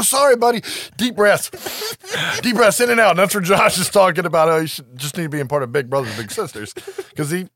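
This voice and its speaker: A man co-hosting a podcast, retelling a movie plot in a casual, animated way with frequent laughs. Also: mid-range voice, dry recording, clean studio sound. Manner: animated storytelling, laughs often, profanity. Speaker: podcast co-host.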